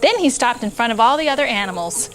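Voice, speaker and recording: A woman hosting a children's story show, reading a picture book aloud in an animated, playful way. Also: on the high side, quick pace, a little hiss or hum.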